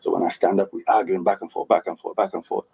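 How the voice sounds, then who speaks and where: A man's voice: sits low, level tone, fast, gravelly, a little mellow, breathy edge, poor audio. A man with a Jamaican accent insistently telling his side of a dispute, often adding "right?" to seek agreement.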